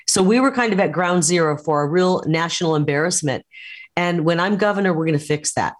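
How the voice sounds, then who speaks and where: Forceful woman campaigning in an interview. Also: deep voice. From United States. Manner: forceful, combative campaign talk. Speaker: political candidate. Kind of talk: interview over a call.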